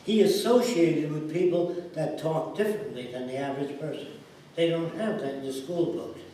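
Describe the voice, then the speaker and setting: Recorded on a distant mic in an echoey room, with faint ambience and a bit of hiss or hum, a male interviewee tells anecdotes and performs the dialogue of their characters to get his ideas across. His voice is on the high side, mellow, at a moderate pace.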